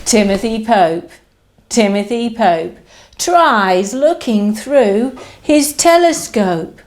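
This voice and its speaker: A nursery teacher, a woman, reading a picture book aloud to young children in a lively, sing-song way and inviting them to join in. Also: fairly high pitch, slow.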